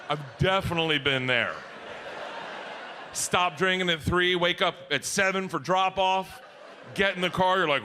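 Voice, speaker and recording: A middle-aged man telling profane stand-up stories, breaking into shouts. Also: high voice, moderate pace, noisy background. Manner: rowdy, profane storytelling with shouted bursts. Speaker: stand-up comedian. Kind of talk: stand-up comedy routine. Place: stage before a live audience.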